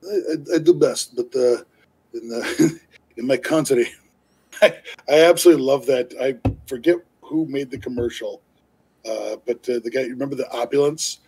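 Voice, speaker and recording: This man speaks at a normal speed in a husky, dark-toned, mid-range voice, and the recording is rough. In casual live-stream chat, he rambles through a lengthy story to his co-host, restarting often, leaning on fillers, and breaking into laughter easily.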